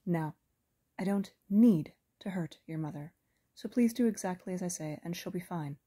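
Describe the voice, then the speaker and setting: A woman reading a soft-voiced, smiling female hunter. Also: on the low side, husky. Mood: calmly menacing. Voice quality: soft pleasant alto. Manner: quick, light, friendly, amused, menacing. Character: cold, calculating female hunter, adult. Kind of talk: audiobook character reading.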